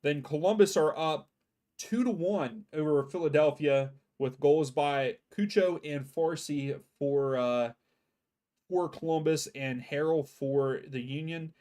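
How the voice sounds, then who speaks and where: A man's voice: on the high side, slow, a little mellow. A man hosting a soccer watchalong stream from home, chatting loosely through the halftime scores and a little sleepy. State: sleepy, yawning. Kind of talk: casual live-stream commentary.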